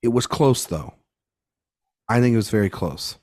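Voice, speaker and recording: A man co-hosting a casual film podcast, talking in an animated, halting way with frequent restarts. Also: fairly low pitch. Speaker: podcast co-host.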